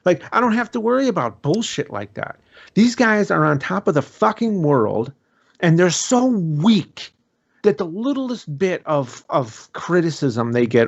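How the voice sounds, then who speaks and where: A man's voice: fairly high pitch, creaky, highs cut off. A man co-hosting a podcast, ranting heatedly and profanely in casual panel chat.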